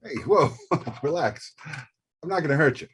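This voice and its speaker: A man's voice: fairly high pitch, normal speed, a bit bright, husky. A man playing a laid-back tough-guy hero cop. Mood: reassuring. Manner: casual, laid-back, protective.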